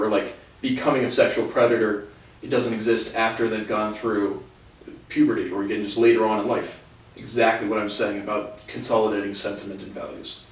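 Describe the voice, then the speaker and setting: A man talking alone in a blunt, rambling way, swearing freely and often restarting his sentences. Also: on the low side. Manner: blunt, profane, repeats "again" and restarts. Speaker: solo commentator. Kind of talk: rambling solo monologue. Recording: very echoey room, distant mic.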